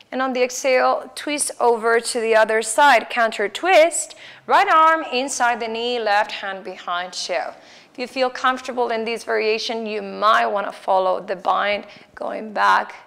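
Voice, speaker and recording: Casting: woman, Mexican accent, yoga teacher, unhurried and clear, slightly high voice. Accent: Mexican Spanish. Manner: slow, calm cueing of breath and poses. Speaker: yoga instructor. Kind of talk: guided yoga class instruction.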